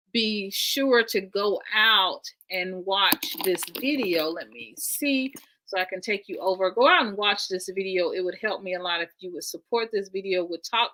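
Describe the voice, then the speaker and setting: A woman's voice: mid-range voice, sharp tone. A woman from the United States hosting a live stream, chatting with viewers in a friendly way with many fillers. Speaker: channel host.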